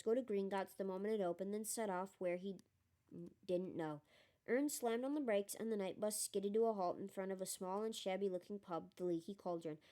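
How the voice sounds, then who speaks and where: A woman reading a storybook aloud, narrating in a plain, even manner. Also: medium pitch. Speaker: audiobook reader.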